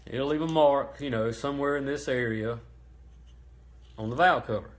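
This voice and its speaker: A man hosting a casual how-to livestream about engine parts, talking in a relaxed, chatty way with many ums and restarts. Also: mid-range voice, normal speed, slight background noise. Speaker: host of a racing parts livestream.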